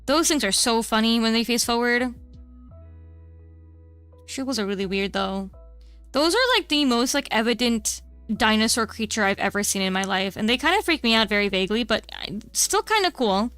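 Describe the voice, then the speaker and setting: Bright chatty young woman streamer. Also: fairly high pitch, expressive, moderate pace, smooth, faint music behind. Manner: rambling, many fillers and self-interruptions. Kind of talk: casual chat while drawing.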